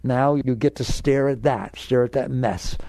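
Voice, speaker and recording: An older man with a gravelly voice gives a spiritual talk, direct and emphatic. His tone is dark and mellow, and the recording is dry and close. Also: medium pitch, fairly even intonation, unhurried, no room sound. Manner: emphatic, direct, acts out inner voices in quotes. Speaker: spiritual teacher.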